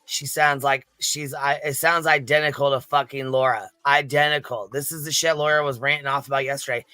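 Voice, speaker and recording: Gossipy male stream host, bright crisp voice, dry close sound, laughs and swears a lot. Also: mid-range voice, steady tone, brisk, dry recording. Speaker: livestream panel host. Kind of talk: casual profane commentary.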